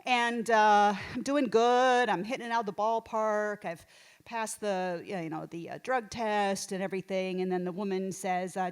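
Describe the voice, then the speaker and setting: A woman's voice: medium pitch, steady tone, normal speed, clear, resonant tone. A middle-aged woman from Texas doing a rambling, self-deprecating stand-up set on a small theater stage. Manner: rambling, self-deprecating, lots of fillers and restarts. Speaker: stand-up comedian.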